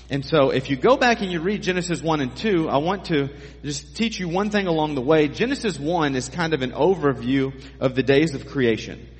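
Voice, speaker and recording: Man preaching in an echoing hall. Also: a little high. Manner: conversational, jokey asides to the congregation. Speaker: pastor. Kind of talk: sermon.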